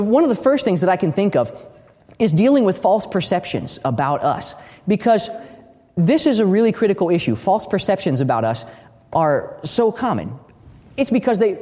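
A man from the United States giving a teaching talk in a large hall, a lively storyteller who often restarts and repeats his words. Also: on the high side. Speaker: speaker at a training session. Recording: long reverb of a big hall.

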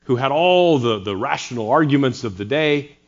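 An earnest man preaches a sermon in a mid-pitched voice and drops in dry, sarcastic asides. The recording sounds a little dull and muffled. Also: lively intonation, moderate pace. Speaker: pastor.

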